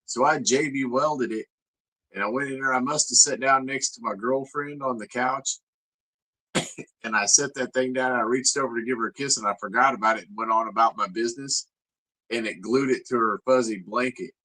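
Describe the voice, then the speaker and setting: A man's voice: medium pitch, moderate pace, bright, forceful tone, low-quality recording. A man, a father, co-hosting a casual chat and telling his own story in a laid-back, profane way. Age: father of grown kids.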